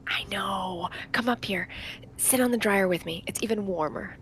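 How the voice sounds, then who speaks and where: A woman playing a thoughtful older sister in an audio play, softly and patiently explaining things. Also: medium pitch, normal speed, natural voice.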